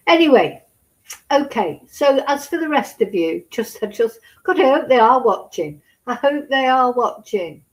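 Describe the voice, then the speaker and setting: A woman's voice: medium pitch, animated, unhurried, rough recording. A woman gives casual true crime commentary, indignant and sarcastic, scolding as she talks.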